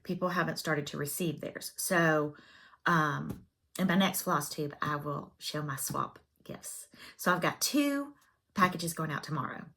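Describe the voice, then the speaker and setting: A woman's voice: low voice, lively intonation, unhurried, sharp tone. A woman chatting casually as a cross-stitch vlogger, self-deprecating and full of fillers. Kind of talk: casual chat.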